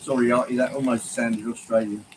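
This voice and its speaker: A man's voice: mid-range voice, little pitch movement, fairly quick, background noise. A man hosting a casual livestream, greeting viewers by name and rambling along with plenty of ums. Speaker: livestream host. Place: home hobby room, indoors.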